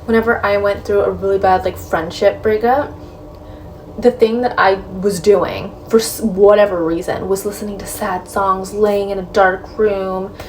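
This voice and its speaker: A woman's voice: medium pitch, steady tone, unhurried, a little mellow. Woman, casual advice vlog, blunt and direct, says "like" a lot, a bit far from the mic, faint room noise. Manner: frank and direct, lots of "like" and "right?". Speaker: advice vlogger. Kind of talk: casual advice talk to camera.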